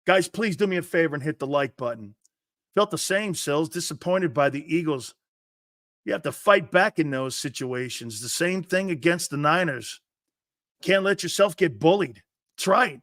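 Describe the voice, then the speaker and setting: A man's voice: fairly high pitch, animated, normal speed, a bit bright, no echo, clean studio sound. A man hosting a live sports talk show, reading viewer comments and ranting in a brash, profane, fired-up way.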